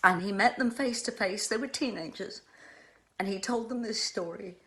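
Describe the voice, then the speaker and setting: A woman in her sixties, hosting from home, tells a personal story in a halting, emotional way. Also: medium pitch, a bit bright. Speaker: host. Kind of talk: answering a fan question at home.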